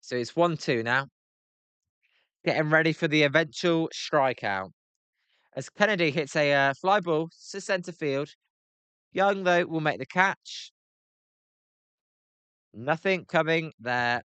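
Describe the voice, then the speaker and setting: British male streamer, casual play-by-play, smooth clear voice, dry close sound, gripes and chats with viewers. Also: a little high, lively intonation, takes it slowly, pauses often, bright, forceful tone, dry recording. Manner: chatty, answers chat by name, grumbling. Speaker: live-stream host. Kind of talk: casual live play-by-play reaction.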